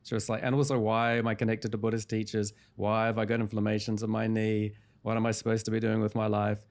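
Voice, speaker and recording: Low-voiced man calmly telling a story. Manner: calm, measured retelling of client sessions. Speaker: hypnotherapist guest. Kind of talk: interview storytelling.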